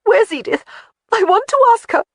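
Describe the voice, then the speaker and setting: A narrator voicing a tearful, high-pitched young bride. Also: female voice, animated, normal speed, dry recording, studio quality. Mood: wailing. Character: spirited young Highland bride, emotional. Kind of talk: audiobook character voice.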